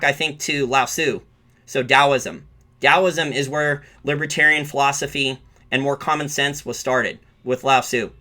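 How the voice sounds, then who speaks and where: A man's voice: a little high, bright, forceful tone. A man hosting a live-streamed finance show, giving loose market commentary that often restarts mid-sentence and corrects itself. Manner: rambling, restarts and corrects himself.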